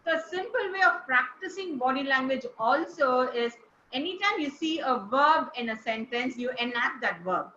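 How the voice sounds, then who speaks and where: Bright-voiced woman teaching a class. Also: high voice, expressive, moderate pace, slight background noise. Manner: explains step by step, asks the group questions. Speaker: speaking coach. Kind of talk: classroom lesson on word stress. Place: club meeting room. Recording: echoey room, dull lo-fi sound.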